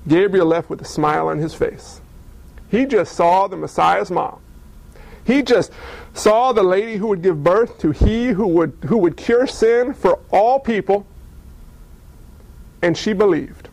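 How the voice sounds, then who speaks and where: Male pastor, high gravelly voice, dry close mic; conversational storytelling sermon. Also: moderate pace, no echo, low-quality recording. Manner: storytelling, conversational, rhetorical questions.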